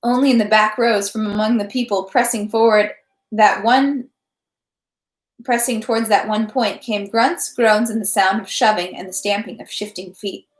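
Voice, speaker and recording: A woman's voice: medium pitch, normal speed. Woman narrating a novel in a roomy echo. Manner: steady narration with small self-corrections. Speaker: reader. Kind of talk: reading a classic novel aloud. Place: home.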